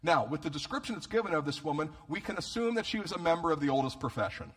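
Animated, joking male preacher, slightly high voice. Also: quick pace. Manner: animated, humorous, repeats words when starting phrases. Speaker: pastor. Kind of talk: sermon.

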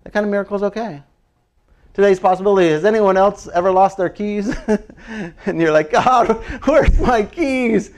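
A male pastor preaching with a high, light voice. He talks in a chatty, animated way, laughing often and acting out quoted prayers as he goes. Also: fairly quick, long pauses. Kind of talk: sermon.

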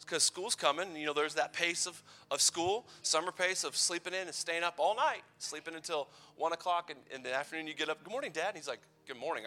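With a sharp tone on the high side, a youth pastor in his thirties preaches a playful, chatty youth sermon. He weaves in personal stories and teasing asides.

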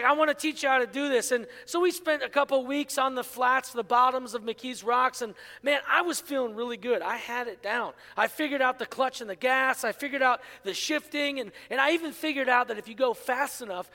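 A middle-aged man from Pittsburgh preaching a sermon, telling a story with lively asides and frequent "right?" to the congregation. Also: very high-pitched, normal speed, few pauses. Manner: storytelling, animated, asks audience "right?". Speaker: pastor. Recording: hall with long reverb.

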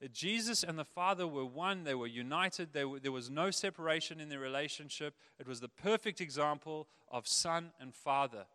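A man preaching a sermon, animated, acting out the voices of the people in his stories. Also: fairly high pitch, normal speed, hardly any pauses. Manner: animated, acts out quoted voices. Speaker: pastor.

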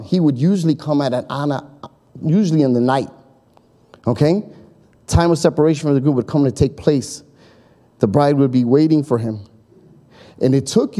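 A pastor delivers a sermon in a fairly high, warm voice, telling a story chattily. He acts out voices and keeps checking in with his listeners.

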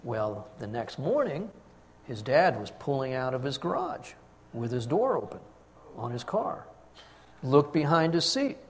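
An older man, a grandfather, preaching a sermon and telling a family story with lively, acted-out quotes. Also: fairly high pitch, creaky, long reverb tail, a little hiss or hum. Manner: storytelling, animated, acts out quotes. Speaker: pastor.

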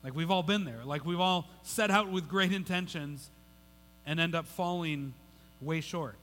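A male pastor gives a sermon in a relaxed, conversational way, repeating words and restarting sentences as he goes. His voice sits high and bright. It carries through a large hall with a long, lingering reverb. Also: measured pace.

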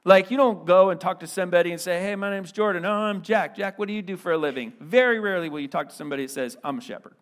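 A man pastor preaching a sermon with a Midwestern American accent, swinging from quiet stretches to loud emphatic lines. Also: high voice, fast talker, hardly any pauses.

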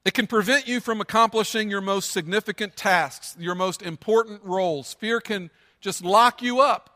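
A man's voice: sits high, moderate pace, bright, forceful tone, big-room sound. A man preaching a sermon as pastor, earnest and emphatic, with lots of repetition.

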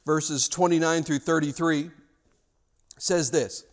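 A man preaching a sermon as pastor, retelling a passage in an emphatic, animated way with frequent restarts. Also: fairly high pitch, slow pace.

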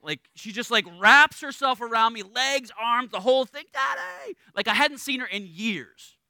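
A middle-aged man preaching a sermon as a pastor, conversational and animated, acting out little voices in his stories. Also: very high-pitched, moderate pace, no echo.

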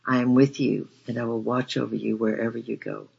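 A man reading aloud voices God speaking a calm, solemn promise. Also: mid-range voice, brisk, gravelly, slightly rough, muffled recording, full character voice.

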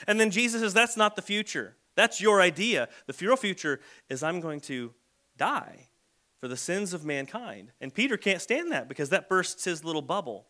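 A man preaching a sermon in a relaxed, conversational way, now and then acting out the people he quotes. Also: sits high, normal speed. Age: adult with a son. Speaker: pastor.

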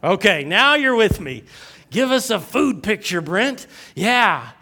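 A man preaching a sermon as pastor, repeating his points, asking the congregation questions and joking, rising and slowing on key words. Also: high-pitched, big pitch swings, bright, forceful tone.

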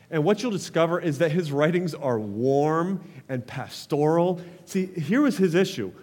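Man, pastor, sermon, passionate, high voice, long hall reverb. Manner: passionate, calls for congregation responses.

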